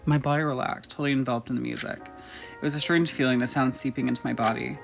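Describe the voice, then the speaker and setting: A man's voice: mid-range voice, fairly even intonation, quick pace, vocal fry. A man hosting a let's play, reading game dialogue aloud with sarcastic asides. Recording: loud game music behind voice.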